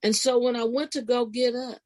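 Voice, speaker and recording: A woman guesting on a podcast as a spiritual life coach, telling a personal story casually and expressively, her voice leaping high at the big moments. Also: fairly quick, poor audio. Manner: animated, expressive retelling with sudden pitch leaps; casual, informal phrasing with restarts.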